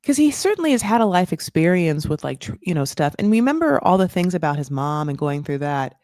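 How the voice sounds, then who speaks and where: A woman in her thirties hosting a casual recap, chatty and swearing, with lots of "like" and sudden jumps in pitch for emphasis. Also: fairly quick, dry recording, studio quality. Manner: lively, jumps high for emphasis. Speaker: recap podcast host. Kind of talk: casual chat.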